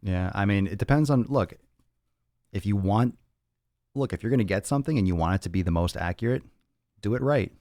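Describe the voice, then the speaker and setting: Man, very deep voice, dry close sound, blunt and profane, rambling fitness host answering questions. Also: animated, fairly quick, long pauses, darkish tone, no echo. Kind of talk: casual livestream Q&A.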